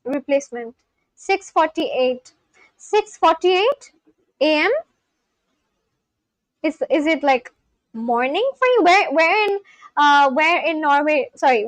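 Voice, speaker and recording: A woman's voice: high-pitched, no room sound, low-quality recording. A woman hosting a casual live stream, chatting with viewers, reading out their messages and laughing often. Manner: chatty, reads out and answers chat, laughs often.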